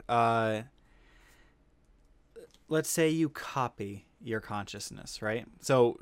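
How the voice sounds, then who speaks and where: A man's voice: lowish voice, no echo. A man hosting a casual podcast, rambling and swearing freely with frequent restarts. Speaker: podcast host. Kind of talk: casual chat.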